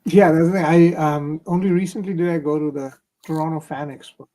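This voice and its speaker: A man's voice: a little high, steady tone, fairly quick, warm tone, rough recording. A young man from India, a comic artist, talking casually in an interview with many fillers and restarts over a remote stream call.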